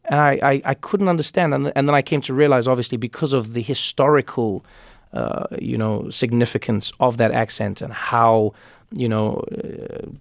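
Gravelly man in conversation. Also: medium pitch, moderate pace, no echo, studio quality. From South Africa. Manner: reflective, repeats words while thinking. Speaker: guest, comedian and author. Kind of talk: conversational interview.

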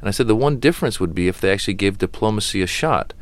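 Earnest comedian from Iran, deep smooth voice, dry studio sound. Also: male voice, expressive, very fast. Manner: earnest, passionate. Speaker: comedian guest. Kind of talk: radio interview.

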